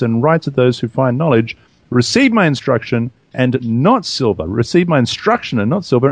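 A man hosting a religious podcast, reading scripture aloud in a steady, measured way. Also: on the high side, no echo. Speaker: host.

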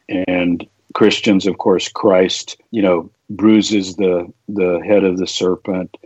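A low-voiced man talks through a scripture passage like a patient teacher, explaining the wording point by point. The sound is dry and a little dull, as if from a modest lo-fi recording. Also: a little mellow, husky, no echo. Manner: explanatory, lecturing. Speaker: Bible teacher. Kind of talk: conversational scripture discussion.

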